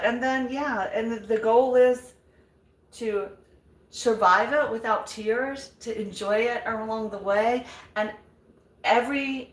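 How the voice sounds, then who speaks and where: An older woman chats with and encourages viewers during a live cooking vlog in her home kitchen. Her voice is on the high side, heard through a distant mic in an echoey room.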